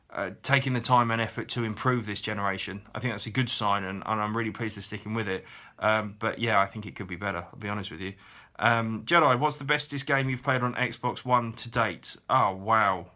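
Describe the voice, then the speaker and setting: A man in his thirties, answering viewer questions in a chatty, frank way with frequent pauses and ums. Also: fairly low pitch, pushed and bright. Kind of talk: casual Q&A chat.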